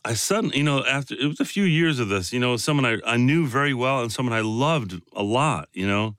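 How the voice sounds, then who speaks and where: A man's voice: medium pitch, lively intonation, fairly quick, a bit bright, no room sound, clean studio sound. A man from Chicago, an actor as a guest, talking casually and rambling with lots of fillers. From south side of Chicago. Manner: rambling, full of "you know" and "like" fillers. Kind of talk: casual interview conversation.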